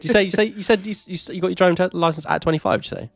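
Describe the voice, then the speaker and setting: A man from England co-hosting a podcast, chummy and teasing, quick to laugh. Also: high-pitched, gravelly, no echo. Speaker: podcast co-host. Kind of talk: casual banter.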